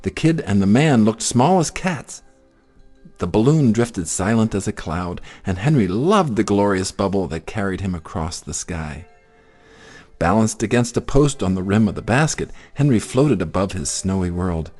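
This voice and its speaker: A man reading a children's picture book aloud in an expressive, sing-song storytelling manner. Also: fairly low pitch, moderate pace, soft background music.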